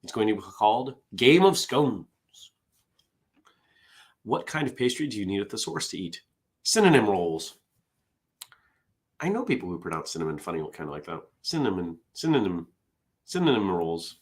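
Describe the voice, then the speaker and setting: A man's voice: lowish voice, very animated, moderate pace, long pauses. A man hosting a casual solo morning show. He rambles, interrupts himself, and drifts into side stories between the jokes he reads aloud.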